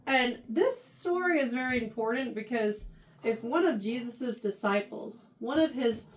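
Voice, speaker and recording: High-voiced woman teaching from across a room. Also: a little slow. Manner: animated, keeps checking in with "right?". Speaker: youth Bible study teacher. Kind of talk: Bible lesson to a youth class. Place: classroom, standing in front of a youth class. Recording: voice heard from far off the mic.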